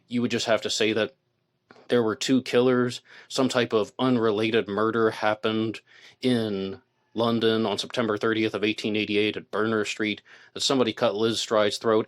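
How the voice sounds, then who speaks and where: A man hosting a true-crime podcast, thinking aloud in a solo monologue, correcting himself and putting questions to his listeners. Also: on the low side. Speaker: podcast host.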